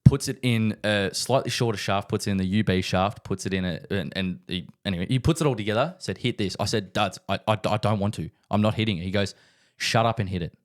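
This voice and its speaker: A young man co-hosting a casual podcast, his voice sitting a little low. He tells stories in an animated way, repeating words and swearing freely. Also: fast talker. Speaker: podcast co-host. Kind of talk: casual chat.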